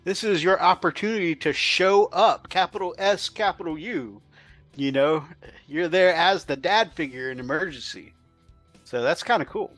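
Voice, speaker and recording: Upbeat guy on a hobby stream, kinda high voice, dry close sound. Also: normal speed, a bit bright, no echo, faint music behind. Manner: upbeat, encouraging, reads chat aloud. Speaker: co-host. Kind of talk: casual podcast banter.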